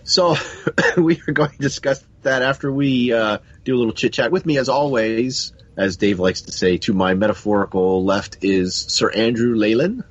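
A man's voice: medium pitch, moderate pace, breathy edge, dull audio. A man hosting a podcast in casual chat, rambling and correcting himself, sounding stuffed up from a cold. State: has a cold. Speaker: podcast host.

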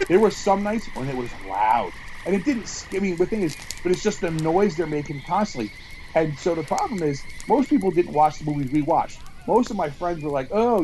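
Around a campfire outdoors, this man co-hosts a podcast, swearing, acting out quotes, and rambling through stories in casual chat. He has a fairly high, darkish voice, and the rough recording carries slight background noise.

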